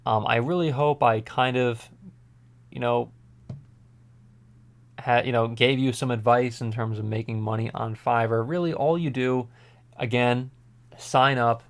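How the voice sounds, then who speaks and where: A man in a casual talk-to-camera video, speaking at an ordinary mid-range pitch. His delivery is loose and rambling, full of fillers, restarts and half-finished thoughts. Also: steady tone, measured pace, long pauses. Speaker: vlogger.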